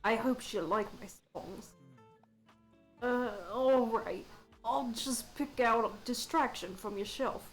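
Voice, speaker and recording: Nervous young musician voiced by a woman; put-on accent, higher voice, with soft music under it. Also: takes it slowly, rough recording. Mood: hopeful. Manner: a put-on accent she is trying out. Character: young male band musician, scatterbrained, nervous about his songs. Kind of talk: reading game dialogue aloud.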